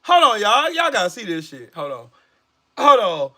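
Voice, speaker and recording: A man's voice: sits high, sing-song, moderate pace, bright, forceful tone. A man angrily ranting on a live political stream. He talks profanely and mockingly, and often repeats himself and restarts his sentences.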